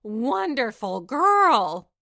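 A self-important court knight, as a woman puts him on in a storybook reading, his voice dropped low and booming. He drawls his praise slowly and grandly. The sound is dry and close. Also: lively intonation, a bit bright, no echo. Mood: delighted. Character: pompous male knight of the court, grand and hearty.

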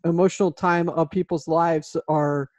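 A man's voice: a little high, fairly even intonation, moderate pace, darkish tone, no echo. A man hosting a casual podcast chat about his inspection business, joking and laughing a lot. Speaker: podcast host and home inspection business owner. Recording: dry, slightly dull sound.

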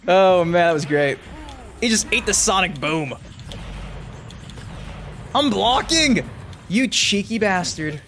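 A man giving let's-play commentary on a fighting game, excitable, swearing, shouting and laughing at the action. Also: sits high, takes it slowly, pauses often. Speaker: gamer.

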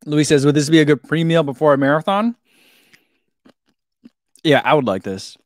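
A man's voice: a little high, moderate pace, no echo, clean studio sound. A man chatting casually as he unboxes and tastes a snack, giggling now and then and talking between bites. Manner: chatty, giggly, talks while chewing. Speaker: vlogger reviewing a snack.

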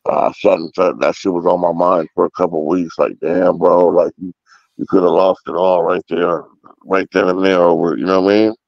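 A man speaking casually as a guest, halting and repeating himself. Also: sits low, steady tone, creaky, no room sound, lo-fi sound. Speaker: podcast guest. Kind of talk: casual chat.

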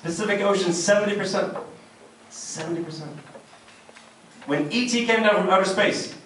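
A middle-aged man from Canada doing a crude, animated stand-up comedy set. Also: high-pitched. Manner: brash, crude, animated, pauses for laughs. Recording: echoey club, distant mic, loud crowd noise. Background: audience laughter.

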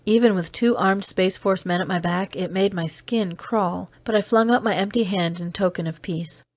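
A woman reading an audiobook aloud as a weary, seasoned man, in steady, measured narration. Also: medium pitch, no room sound, close to an everyday voice. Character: weary man, seasoned off-world agent, terse. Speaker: audiobook reader. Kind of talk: scripted narration.

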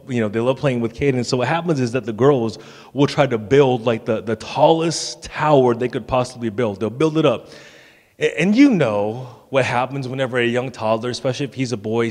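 Casual pastor in a reverberant church hall. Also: male voice, mid-range voice. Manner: casual, joking, with stammered restarts. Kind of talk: sermon. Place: church sanctuary.

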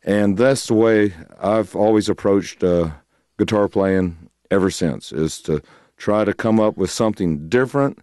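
A middle-aged blues guitarist tells a story during an interview, animated and laughing as he acts out other people's voices. His pitch is fairly low, and the studio-quality recording has no echo.

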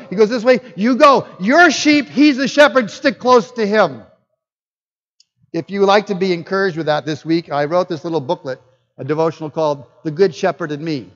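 A man preaching a sermon as a guest pastor. He jokes and puts questions to his listeners. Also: sits high. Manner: animated, joking preacher who asks the audience questions. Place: church hall. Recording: dull lo-fi with long hall reverb.

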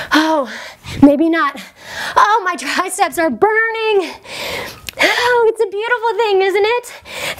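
A woman's voice: high voice, a bit bright. A woman fitness instructor coaching a workout while doing it herself, out of breath and encouraging, with short cues and puffs of breath between exercises.

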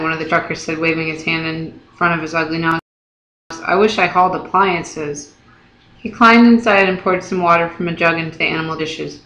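An audiobook reader narrates a novel in the first person, telling the story steadily and evenly in a medium-pitched voice. A roomy echo suggests it was read in an open room.

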